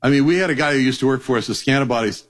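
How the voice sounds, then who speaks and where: A man teaching a sermon on a Bible passage, telling stories in a lively way and acting out the voices of people in them. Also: mid-range voice, very fast. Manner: animated storytelling, acts out quoted voices.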